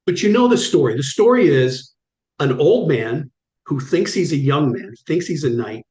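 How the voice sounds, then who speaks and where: A middle-aged guest on an interview show spins lively stories, bringing quoted dialogue to life vividly. His voice runs on the high side, animated and a little mellow, at a moderate pace, captured in an echoey room.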